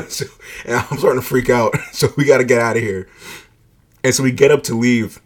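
A man's voice: mid-range voice, fairly even intonation, moderate pace. A man casually telling a personal story, swearing freely, leaning on "like" and laughing along as he goes. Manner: laid-back, profane, heavy use of "like", laughs often.

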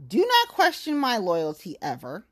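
Speaking unhurriedly in a higher voice with wildly swooping pitch, a woman unloads on her viewers directly in an angry, profane rant to camera. She is blunt, heated, and emphatic.

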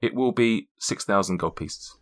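A man voicing a calm, polite male magic-item shopkeeper who haggles in formal, measured speech. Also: lowish voice, natural voice. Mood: haggling.

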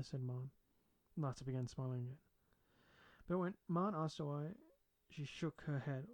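Male audiobook narrator, measured and plain, occasional word restarts. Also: medium pitch, fairly even intonation, a little mellow.

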